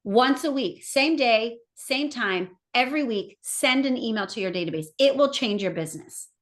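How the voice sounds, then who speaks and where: A woman's voice: a little high, moderate pace. A middle-aged woman giving an enthusiastic seminar talk on marketing, speaking straight to her audience. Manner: enthusiastic, animated, addresses audience directly. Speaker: marketing trainer. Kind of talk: live seminar presentation.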